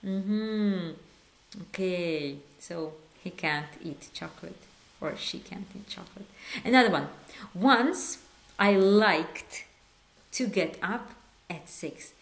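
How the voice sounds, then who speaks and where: A woman teaching an online language lesson, coaxing learners with quiz prompts and slow drilled phrases. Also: on the low side. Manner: switches between slow drilled phrases and quick repeats. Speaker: Hebrew teacher.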